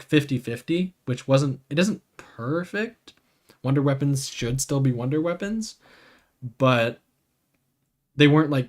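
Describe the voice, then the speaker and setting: A man on a live stream talks loosely and thinks out loud, with plenty of fillers and restarts. He keeps breaking off to answer viewers by name, and his voice sits at an ordinary middle pitch. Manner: rambling, full of "like" and restarts. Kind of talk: casual livestream commentary.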